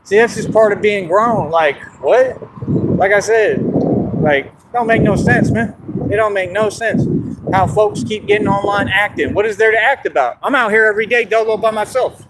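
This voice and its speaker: Man, high voice, swaggering boastful monologue, loud traffic behind. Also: normal speed. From Texas. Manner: swaggering, repetitive, keeps asking "you understand?". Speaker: vlogger. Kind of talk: boastful straight-to-camera monologue.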